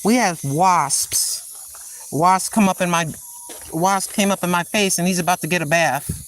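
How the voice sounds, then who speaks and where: A tired-sounding older woman refers to herself as Granny while she waters her outdoor garden and chats casually to viewers, sometimes talking to herself. She records on a handheld phone, and her low-ish voice moves at a measured pace with a fairly bright tone.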